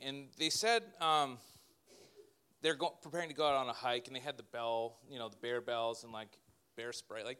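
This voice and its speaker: A man, a pastor, preaching a sermon in an animated way with joking asides to his congregation. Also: medium pitch, smooth.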